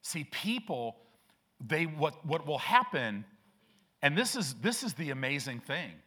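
Slow, forceful-voiced male preacher. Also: a little high, very animated. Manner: emphatic, repetitive preaching with frequent restarts. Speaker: pastor. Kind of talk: sermon.

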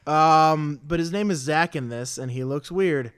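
A man's voice: on the high side, measured pace, a bit bright, clear, resonant tone. A man co-hosting a comedy podcast, ranting in an exasperated, profane way in casual chat. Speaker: podcast co-host.

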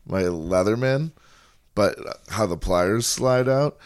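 Profane, animated man telling stories. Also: fairly low pitch, takes it slowly, no room sound, clean studio sound. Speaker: podcast co-host. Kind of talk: casual chat.

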